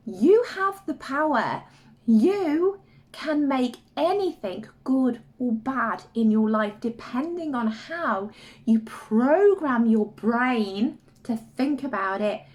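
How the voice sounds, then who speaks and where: Woman, self-help vlogger, slightly high, very lively pitch, acts out voices. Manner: animated, acts out inner voices in quotes. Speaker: life coach vlogger. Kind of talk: casual advice monologue.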